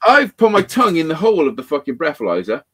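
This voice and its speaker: A man on a livestream, telling rough stories in casual chat, swearing constantly and acting out the dialogue. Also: fairly high pitch, wildly swooping pitch, quick pace, bright, forceful tone. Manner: swears constantly, acts out quoted dialogue animatedly. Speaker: livestream co-host.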